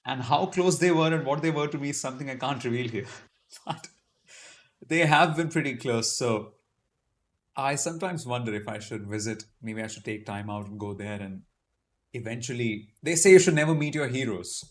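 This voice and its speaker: A man's voice: medium pitch, normal speed. Chatty man hosting a live Q&A. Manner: chatty, reads out viewer comments and answers them; self-deprecating humor. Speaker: YouTube live stream host. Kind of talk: casual live Q&A chat.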